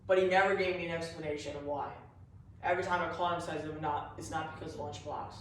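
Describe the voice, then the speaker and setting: A man tells a meandering comic story in a confused, wandering way. His voice sits a little high. He is set back from the microphone in a very echoey room with faint background noise. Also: steady tone, fast. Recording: echoey room, far from mic.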